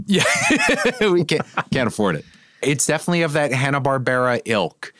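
A man's voice: mid-range voice, sing-song, moderate pace, fairly bright tone, no room sound, clean studio sound. A man hosting a podcast, chatting casually in a wry, playful way. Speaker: podcast host. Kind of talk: casual chat.

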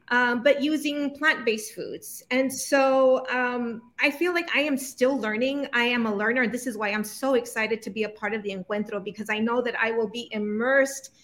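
A woman's voice: a little high, steady tone, normal speed, a bit bright. A woman scholar speaking as an interview guest, thoughtful and reflective. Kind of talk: conversational interview.

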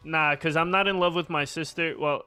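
A man's voice: on the high side, steady tone, normal speed, over music. A man co-hosting a podcast, joking and grumbling in mock pain during casual chat. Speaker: podcast co-host.

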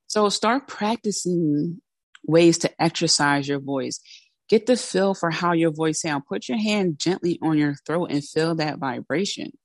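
A woman's voice: low-pitched, measured pace, no room sound, studio quality. A woman hosting a motivational podcast who coaches listeners in a direct, candid, conversational way. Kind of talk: motivational solo talk.

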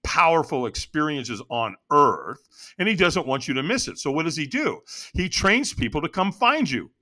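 A man telling a personal story as an interview guest, in an animated, dramatic way. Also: fairly high pitch, normal speed.

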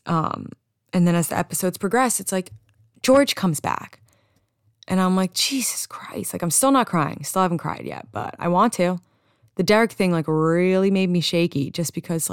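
A woman's voice: sits low, creaky, no echo, studio quality. A young woman hosting a casual solo podcast, telling stories in a chatty way with frequent restarts and some swearing. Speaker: podcast host.

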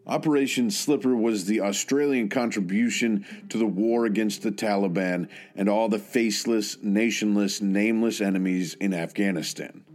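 A man narrating a tribute in an earnest, measured and solemn way, with some hesitant asides. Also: lowish voice, a little mellow. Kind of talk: scripted narration.

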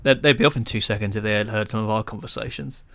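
Gravelly, dry-teasing English man. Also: lowish voice, fast talker, fairly bright tone, no echo. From England. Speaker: podcast co-host. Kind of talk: casual chat.

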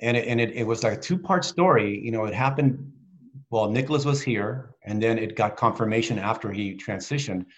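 A middle-aged man, a guest on a video call, telling a heartfelt personal story in a halting, earnest way with many restarts. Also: fairly low pitch.

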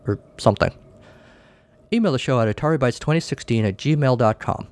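A man's voice: mid-range voice, expressive, brisk, a little mellow. A man hosting a podcast, reading a short story aloud and closing the show with offhand, dry remarks. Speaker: podcast host.

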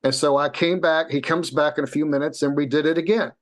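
Man, podcast guest, casual storytelling, animated quotes, swears. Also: a little high, fast talker.

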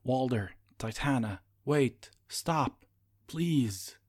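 A man's voice: lowish voice, flat delivery, moderate pace, creaky, slightly rough. A man voicing a desperate, once-mighty male sorcerer, speaking urgently and pleadingly. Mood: shouting. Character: desperate fallen male sorcerer, proud but broken.

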